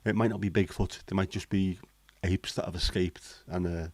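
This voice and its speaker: A man's voice: low-pitched, steady tone, normal speed, a little mellow, dry recording. A man chatting casually on a livestream, blunt, sweary and cynical. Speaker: livestream host. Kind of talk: casual chat.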